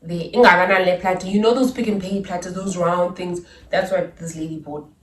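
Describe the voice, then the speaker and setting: A young woman with a South African accent tells a personal story casually, animated and full of asides. Her voice sits a little low. She is slightly off-mic in an echoey room. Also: moderate pace, far from the mic. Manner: chatty, animated retelling with asides and laughs. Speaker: YouTuber.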